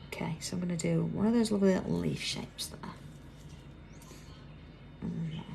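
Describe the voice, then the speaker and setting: Gravelly British woman, chatty craft demo. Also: on the low side, normal speed, slight background noise. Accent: British English. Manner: chatty, drops to a soft whisper while drawing. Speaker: craft demonstrator hosting a live stream. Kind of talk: live craft tutorial chat. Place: busy indoor craft workroom.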